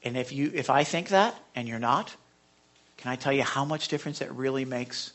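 A male pastor preaching a sermon to his congregation, asking them direct questions and dropping to a hush when he reads scripture. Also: mid-range voice, moderate pace. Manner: emphatic, swings between loud appeals and hushed scripture readings. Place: church sanctuary.

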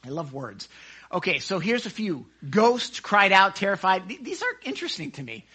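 A man leading a casual Bible study into a microphone, excitable and chatty, often acting out the scenes he describes. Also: sits high, moderate pace, husky. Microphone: handheld microphone.

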